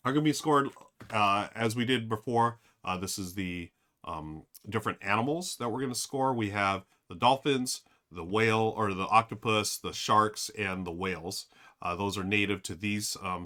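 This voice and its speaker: A sharp-toned man with a fairly low voice speaks at normal speed while streaming a board game. He thinks aloud, full of fillers, and talks right to his chat in casual live-stream commentary.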